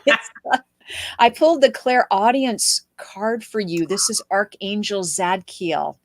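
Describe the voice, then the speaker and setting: A woman's voice: medium pitch, slow pace, dry recording. Chatty woman hosting card readings, dry sound. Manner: chatty, laughs often, many fillers. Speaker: host reading cards for viewers. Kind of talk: live-stream card reading.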